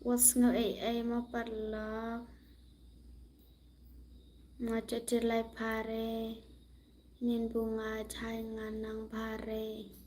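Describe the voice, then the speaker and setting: Slow, soft-spoken woman livestreaming. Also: a little high, completely flat delivery, slight background noise. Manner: drifts into soft whispers; switches between languages mid-sentence. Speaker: livestream host. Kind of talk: casual livestream chat.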